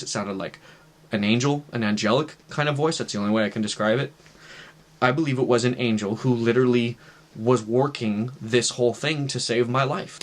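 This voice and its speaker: A man in his thirties telling a personal testimony in casual, earnest storytelling, with fillers like "right" and "like". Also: mid-range voice. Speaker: vlogger sharing a testimony.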